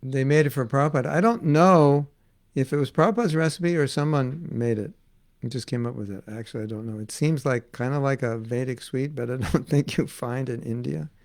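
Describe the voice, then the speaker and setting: A man leads an informal devotional class, telling stories in a chatty, amused way. His mid-pitched voice has a gravelly, creaky edge. He often acts out the voices of the people in his stories. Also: fairly quick, a little mellow. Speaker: spiritual teacher giving a class.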